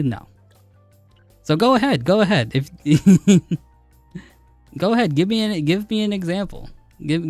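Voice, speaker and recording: A man with a fairly high voice argues with his live chat, breaking into laughter between his challenges. The sound is dry, with faint music behind him. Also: a little mellow, no echo. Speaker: game streamer. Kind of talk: live stream chat reply.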